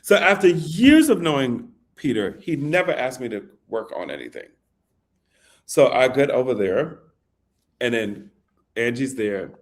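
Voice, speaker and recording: A man, a songwriter, telling a story in an interview with animated delivery. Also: medium pitch, unhurried. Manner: animated, recites lyrics softly. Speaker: songwriter guest.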